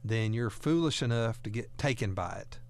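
Smooth-voiced talk radio host, man. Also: mid-range voice, lively intonation, moderate pace. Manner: folksy, earnest, repeats words.

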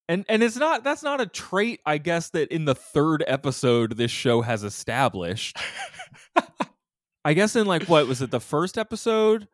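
Podcast co-host, male, animated and chatty, fairly high voice. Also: measured pace, no room sound, clean studio sound. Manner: animated, quotes lines in a mock high whiny voice. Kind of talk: casual podcast chat.

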